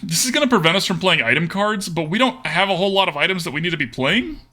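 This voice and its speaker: Bright, lively male game streamer. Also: high-pitched, fast. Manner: thinks aloud, chats with viewers between plays. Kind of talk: casual live-stream game commentary.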